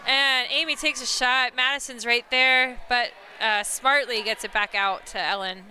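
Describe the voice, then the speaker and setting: A woman calling live play-by-play, excitable, chatting to online viewers and laughing at big plays. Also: on the high side, normal speed, slight background noise. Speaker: play-by-play commentator. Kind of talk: live sports commentary.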